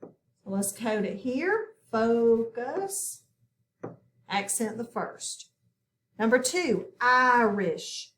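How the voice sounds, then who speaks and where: A woman walks learners through a phonics lesson in a slow, patient way. Her voice sits a little high. The recording has a noticeable room echo. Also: sing-song, slight background noise. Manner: patient, step-by-step instruction. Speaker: phonics teacher.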